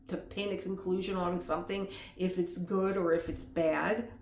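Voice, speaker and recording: A woman's voice: lowish voice, echoey room. A middle-aged woman vlogger talking casually at home, rambling into tangents and laughing often. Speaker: lifestyle vlogger. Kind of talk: casual chat.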